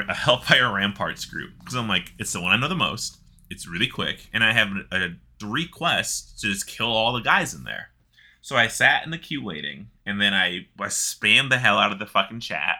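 In a relaxed gaming conversation, a man with a fairly low voice at normal speed tells lively stories about a video game, full of cursing and laughter.

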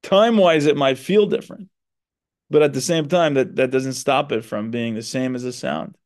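A man's voice: mid-range voice, moderate pace, a little mellow. A man who is a psychotherapist and podcast host, talking earnestly in a reflective monologue and stressing his points. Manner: earnest, explanatory, with emphatic stresses.

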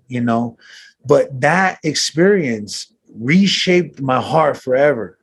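A man's voice: medium pitch, expressive, takes it slowly. A man telling a personal story as an interview guest, earnest and reflective, with casual slang and frequent restarts.

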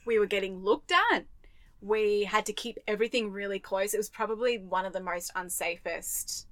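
An Australian woman co-hosting a podcast, telling a travel story in lively detail and acting out the voices she quotes. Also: medium pitch, normal speed, no room sound. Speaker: podcast co-host. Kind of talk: casual chat, storytelling.

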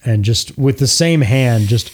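A man narrating a tabletop game as game master, relaxed, with frequent filler words. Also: medium pitch, a little slow.

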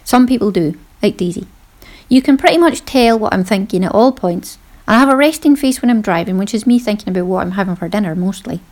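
Medium in pitch with a darkish tone, this middle-aged woman hosts a podcast, chatting casually in monologue. She pokes fun at herself and laughs frequently.

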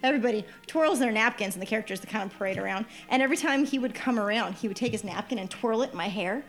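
Chatty woman telling a lively story. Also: on the high side, fast talker. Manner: lively storyteller who acts out quoted dialogue. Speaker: podcast co-host giving a trip report. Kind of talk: casual podcast chat.

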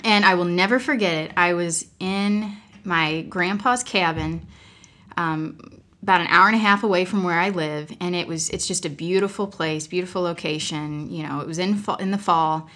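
A woman's voice: on the low side, normal speed, a bit bright. A mother sharing a personal story as a guest, frank and rambling, breaking into laughter often. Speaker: podcast guest; mother of several children.

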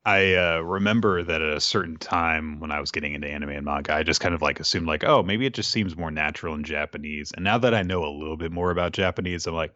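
Low bright-voiced man, casual podcast chat. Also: fast talker, few pauses, dry recording. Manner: rambling, laughs often, fillers. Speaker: podcast co-host.

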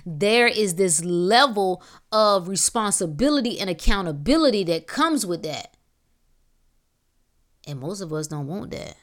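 A woman hosting a podcast, giving an emphatic motivational monologue in casual slang with drawn-out exclamations. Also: mid-range voice, expressive. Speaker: podcast host.

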